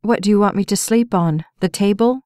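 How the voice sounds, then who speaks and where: A woman voicing a frazzled, determined young woman in an audiobook, brisk and flustered. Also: mid-range voice, darkish tone, no room sound, clean studio sound, close to an everyday voice. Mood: protesting. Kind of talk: audiobook character voice.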